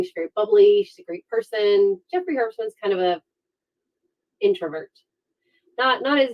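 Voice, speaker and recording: A woman hosting a true-crime livestream, telling the case in a casual, sarcastic and animated way. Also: mid-range voice, lo-fi sound.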